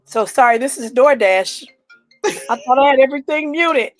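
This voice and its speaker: A woman joining a casual chat as a guest over a video call, chatty and quick with asides. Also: high voice, animated, soft background music.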